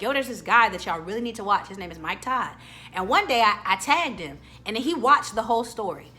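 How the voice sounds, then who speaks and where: A young woman talking straight to her followers in a casual motivational vlog. Her voice is bright and forward, and her storytelling is chatty and animated, full of casual slang. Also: a little high. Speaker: vlogger.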